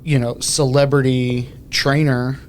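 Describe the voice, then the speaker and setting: A man's voice: medium pitch, little pitch movement, unhurried, slight background noise. A man, co-hosting a podcast in casual, rambling talk full of fillers. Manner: rambling, loose sentences with many fillers. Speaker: podcast co-host.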